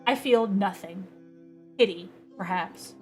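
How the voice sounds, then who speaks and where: A woman's voice: mid-range voice, slow, darkish tone, faint music behind, natural voice. A woman reading a game's dialogue aloud, voicing a disillusioned young man who speaks bluntly and scornfully. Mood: cold.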